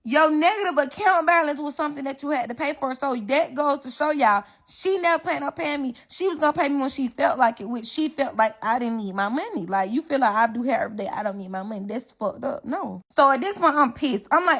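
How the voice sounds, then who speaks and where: Recounting a falling-out with a friend for a casual story-time vlog, a young woman voices both sides of the argument with emphatic indignation. Her voice sits high and is expressive and fairly bright, moving a little fast with few pauses.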